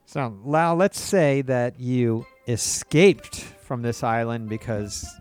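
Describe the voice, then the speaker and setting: A man's voice: medium pitch, slow pace, a little mellow, smooth, no room sound, faint music behind. A man hosting a casual podcast interview, teasing his guest with crude jokes. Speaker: podcast host.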